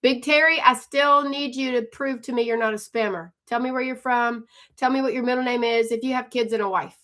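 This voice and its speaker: Bright, high-voiced woman hosting a live stream. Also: steady tone. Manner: fast, chatty, greets viewers by name. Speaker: livestream host and online coach. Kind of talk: live stream chat and sales pitch.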